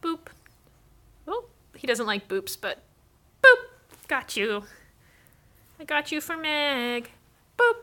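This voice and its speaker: A woman hosts a relaxed livestream of her cats, talking to viewers in between. Her voice is bright and sits a little high. She slips into cooing baby talk whenever she speaks to the cats. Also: slow pace, pauses often. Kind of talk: casual livestream chat with cats.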